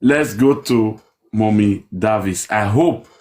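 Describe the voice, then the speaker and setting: A man hosting a call-in discussion, relaxed and reassuring as he moves between callers. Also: lowish voice, slow. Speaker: show host.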